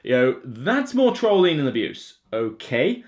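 A board game video host from Somerset, England, talks casually to camera in his local accent, his mid-range voice unhurried over a noisy background. He rants animatedly, leaning on plenty of fillers.

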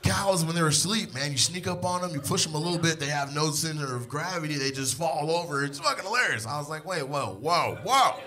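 A man in his thirties performing stand-up on stage, telling a story in an animated way that swings from hushed to shouting. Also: a little high, fast talker, few pauses. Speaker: stand-up comedian. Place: comedy stage before a live audience.

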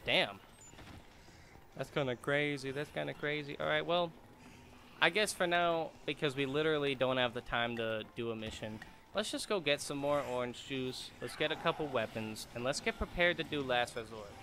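A man's voice: mid-range voice, normal speed, pushed and bright, slight background noise. A man giving casual, joking let's-play commentary, chatty and laughing often. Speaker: gamer streamer.

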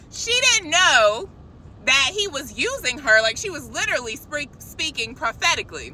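A woman telling a casual, animated faith testimony, chatting directly to her viewers. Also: high voice, normal speed, slight background noise, low-quality recording. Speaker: christian vlogger.

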